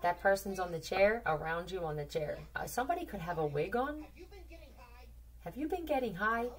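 A woman's voice: medium pitch, lively intonation, moderate pace, distant mic, a crowd in the background. A woman giving a casual tarot reading, rambling and blunt, swearing freely, repeating words and firing off questions. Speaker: tarot reader.

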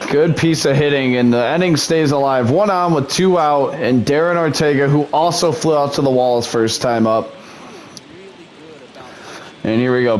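A man's voice: medium pitch, a little hiss or hum. A man doing mock broadcaster play-by-play over his own video game, slipping into muttered frustration between calls. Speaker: gaming YouTuber. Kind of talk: play-by-play commentary while gaming.

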